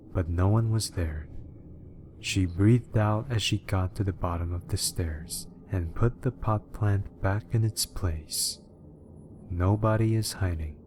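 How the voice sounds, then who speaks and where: Man, very low voice, horror story narration, measured delivery, audible background noise. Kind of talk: scripted narration.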